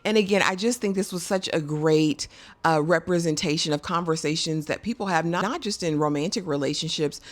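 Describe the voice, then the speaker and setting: Woman, middle-aged, low voice, casual TV recap vlogger, emphatic. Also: a little fast. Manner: chatty and emphatic, colloquial.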